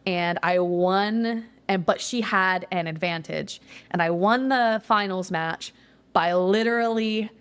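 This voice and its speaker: A young woman telling a casual interview story about her competitions, chatty, full of "like", swearing when she gets excited. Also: mid-range voice, takes it slowly, clear, resonant tone. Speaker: guest, jiu-jitsu competitor.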